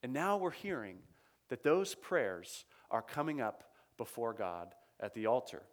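In an unhurried sermon, a man with a mid-range voice and big swings in pitch teaches through scripture conversationally. He stresses the verses as he reads them aloud and checks in with his listeners along the way.

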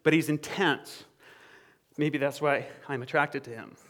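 A man preaching a sermon in an animated, conversational way, acting out quoted dialogue and checking in with the congregation. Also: a little high, measured pace.

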